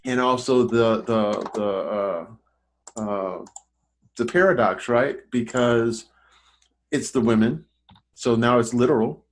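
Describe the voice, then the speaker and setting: Man, film critic, casual chat, rambling, lots of restarts, mid pitch. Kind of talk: casual podcast film discussion.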